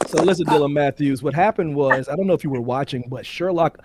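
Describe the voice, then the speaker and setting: A man hosting a lively pop culture stream, trading playful trash talk with guests. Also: a little high, quick pace, very noisy. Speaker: host. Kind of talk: casual banter on a live stream.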